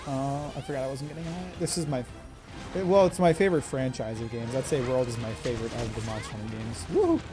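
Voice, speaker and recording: A man streaming a game live, excitable and swearing at the monster, laughing often. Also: mid-range voice, fast talker, music in the background. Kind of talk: live gameplay commentary.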